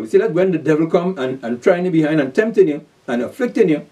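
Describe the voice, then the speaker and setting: A man preaching a scripture lesson, animated and repeating rhetorical questions to his listeners. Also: fairly high pitch, a little fast, hardly any pauses, distant mic. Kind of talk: scripture teaching.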